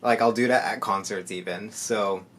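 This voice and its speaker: A soft-spoken man in casual reaction commentary, rambling with many fillers and sounding tired. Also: on the low side, steady tone, normal speed. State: tired from lack of sleep. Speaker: musician reacting to music. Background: faint music playing.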